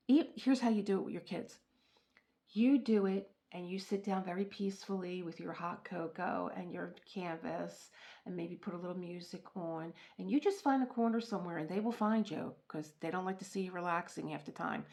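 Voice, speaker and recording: Chatty woman with a gravelly edge. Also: lowish voice, normal speed. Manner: chatty, laughs at herself, talks straight to the viewer. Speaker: diamond painting channel host. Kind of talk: casual unboxing demonstration.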